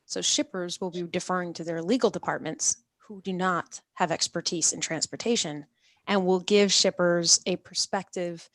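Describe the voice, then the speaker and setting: A woman's voice: lowish voice, steady tone, moderate pace, fairly bright tone, no echo, clean studio sound. A woman hosting a live-streamed talk show, upbeat and talkative as she explains things to her audience. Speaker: host of a live industry show.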